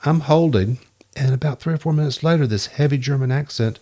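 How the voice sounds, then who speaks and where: This podcast guest is a lively storyteller, performing the voices of whoever he's quoting during a relaxed interview. He speaks briskly in a mid-range voice.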